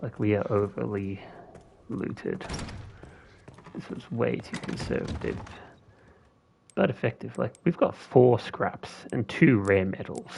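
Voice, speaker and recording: Gamer streamer, male, low and gravelly, laid-back running commentary, faint hiss on the desk mic. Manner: relaxed, thinking aloud with fillers. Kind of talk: live gameplay commentary.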